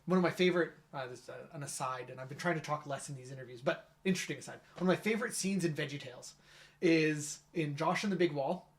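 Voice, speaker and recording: A man hosting a relaxed conversation with a fellow pastor. He keeps things friendly and chatty, nodding along and laughing easily. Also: on the high side. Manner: affirming, chatty, quick to laugh. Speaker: interviewer and youth ministry pastor. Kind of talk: casual interview conversation.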